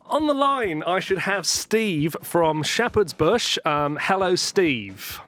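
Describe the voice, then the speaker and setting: A man's voice: high-pitched, big pitch swings, slow, few pauses, fairly bright tone, soft background music. Dry British man hosting a comedy bit. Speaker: comedy podcast host.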